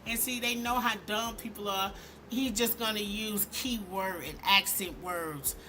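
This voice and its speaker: A woman hosting a commentary vlog, talking in an animated, emphatic and sarcastic way. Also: medium pitch, a little slow, slight background noise. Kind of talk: opinionated commentary.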